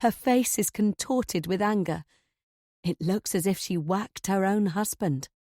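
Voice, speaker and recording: A woman reading a first-person thriller audiobook in a measured, tense way. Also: medium pitch, a little mellow, no echo, studio quality. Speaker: audiobook narrator.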